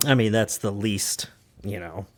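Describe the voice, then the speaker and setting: A man's voice: fairly low pitch, a little slow, darkish tone. A man co-hosting a casual podcast chat, rambling and laughing often at his own jokes. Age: adult parent. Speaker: podcast co-host.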